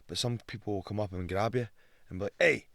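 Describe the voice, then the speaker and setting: A Scottish man with a low voice chats on a podcast and spins animated, sweary anecdotes, jumping into other people's voices. The sound is close and dry, with no room around it. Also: fast talker, dry recording. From Scotland. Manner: animated storyteller, swears a lot, acts out quotes. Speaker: guest, pro fighter. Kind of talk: casual podcast chat.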